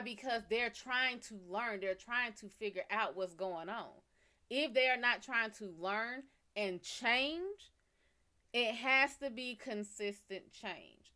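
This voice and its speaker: A woman's voice: fairly high pitch, bright, forceful tone. A woman hosting a live psychic reading stream, giving casual advice bluntly and swearing freely. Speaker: psychic reader and livestream host.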